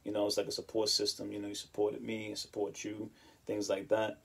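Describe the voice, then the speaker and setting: A man's voice: lowish voice, completely flat delivery, a little fast, creaky, slightly rough. A man talking casually to his channel viewers, laid-back and chatty, often laughing and saying "you know.". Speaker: channel host. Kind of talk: casual monologue vlog. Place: home in Japan.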